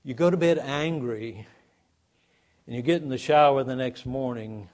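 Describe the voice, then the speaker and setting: A man's voice: medium pitch, normal speed, darkish tone. A man preaching a sermon in a conversational way, asking the congregation rhetorical questions. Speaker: pastor.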